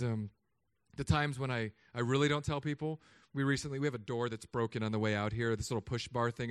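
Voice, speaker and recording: A man, a pastor, preaching a sermon in a relaxed storytelling way, acting out voices now and then. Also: mid-range voice, smooth, no room sound, studio quality. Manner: conversational storytelling with put-on voices. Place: church hall.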